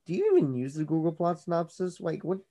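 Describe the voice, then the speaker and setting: A man's voice: on the high side, huge pitch swings, mellow. A man hosting a podcast, chatting casually and mocking his co-host over a video call. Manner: playful, quick to mock and bicker. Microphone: own mic on a video call.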